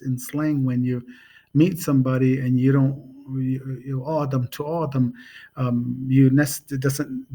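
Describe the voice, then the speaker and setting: A man giving a casual spoken language lesson, relaxed and pausing often, repeating phrases slowly and spelling them out letter by letter. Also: medium pitch. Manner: relaxed and unhurried, with many pauses and fillers. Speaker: language teacher.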